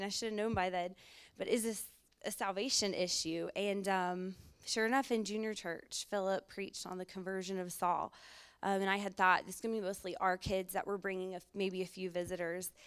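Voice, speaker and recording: A woman's voice: mid-range voice, clear, resonant tone. A woman giving a personal testimony to a youth retreat, telling it conversationally and acting out her own past thoughts.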